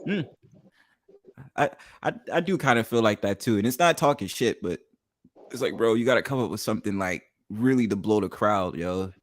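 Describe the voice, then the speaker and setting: A man's voice: fairly low pitch, expressive, normal speed, no room sound. A young man hosting a livestream, chatting casually in a laid-back, rambling way that trails off and repeats itself. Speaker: livestream host. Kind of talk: casual stream chat.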